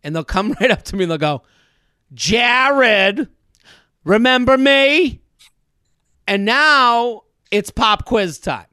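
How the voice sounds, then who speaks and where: A man's voice: high voice, normal speed, hardly any pauses, smooth, no echo, clean studio sound. A man hosting a comedy podcast, telling stories animatedly and acting out quotes. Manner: animated storyteller, acts out quotes. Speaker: podcast host.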